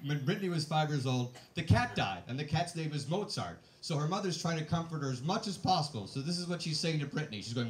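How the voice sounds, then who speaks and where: A man doing a stand-up comedy set, deadpan and hesitant, full of "uh" fillers. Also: a little high, fast talker, hardly any pauses.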